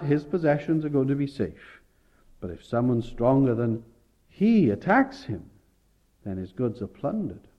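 A man's voice: medium pitch, sing-song, measured pace, highs cut off. A man preaching a sermon, explaining scripture and rising to emphatic peaks. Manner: expository, rising with emphasis, self-correcting.

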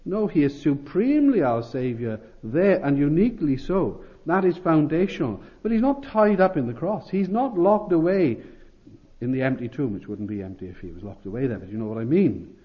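A man's voice: fairly high pitch, animated, moderate pace. Earnest male preacher, slightly muffled. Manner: earnest, emphatic, with repeated phrases and restarts. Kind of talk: expository sermon.

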